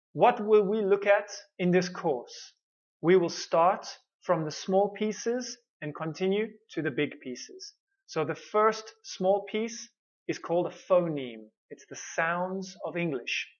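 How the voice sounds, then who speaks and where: A man with a high voice leads an online pronunciation lesson, encouraging his students and checking in with "okay" after each point. The audio is dull and lo-fi. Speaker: pronunciation teacher. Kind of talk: online course lecture.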